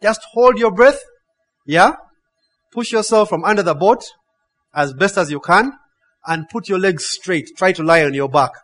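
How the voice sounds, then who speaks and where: A male pastor preaching an animated sermon. He keeps asking his listeners "huh?" and "yeah?" and tells stories with laughter. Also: high voice, moderate pace. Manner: storytelling with laughs and playful acted quotes. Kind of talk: sermon with a personal story.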